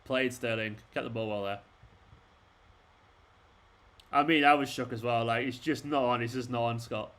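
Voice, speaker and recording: A man's voice: medium pitch, steady tone, brisk, fairly bright tone. A young man hosting a football watchalong stream, ranting at the players on screen and swearing often. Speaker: fan channel host. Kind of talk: live football watchalong commentary.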